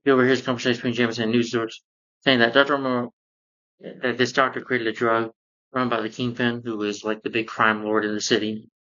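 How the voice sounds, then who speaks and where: A man's voice: medium pitch, level tone, fast, sharp tone, lo-fi sound. A man casually recapping and reviewing a cartoon episode, rambling along with lots of "you know" fillers.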